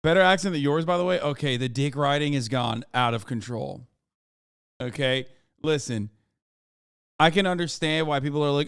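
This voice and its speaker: A man's voice: on the high side, a bit bright, smooth, no echo, clean studio sound. A man in his thirties giving rambling, profane reaction commentary as a streamer. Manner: rambling, profane, quick asides.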